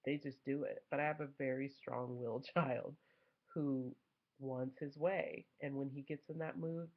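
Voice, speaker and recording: A young mother casually telling a family story, animated and acting out quoted voices. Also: extremely low pitch, a little slow. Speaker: mother vlogger. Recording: dull lo-fi home recording.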